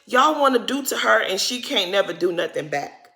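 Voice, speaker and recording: A woman's voice: mid-range voice, expressive, normal speed, vocal fry, pushed and bright. A woman recapping a reality show in casual, gossipy talk, acting out the cast's lines with slang and blunt opinions.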